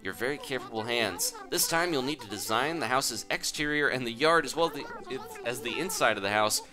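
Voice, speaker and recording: A man's voice: medium pitch, lively intonation, brisk, music in the background, lightly acted. A man voicing a cheerful, encouraging young female shop assistant in a game. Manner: upbeat, encouraging.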